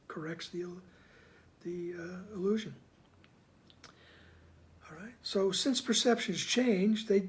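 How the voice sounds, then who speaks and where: Soft-spoken man, half-whispered teaching. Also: high-pitched. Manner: unhurried, checks in with "right?" after each point. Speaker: spiritual study reader and commentator. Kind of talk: reflective commentary on a spiritual text.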